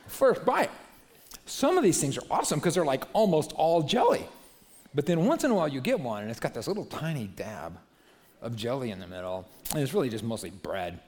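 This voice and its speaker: A man preaching a sermon as a pastor, moving from hushed, gentle passages to loud, animated ones. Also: medium pitch, fairly quick. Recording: long hall reverb.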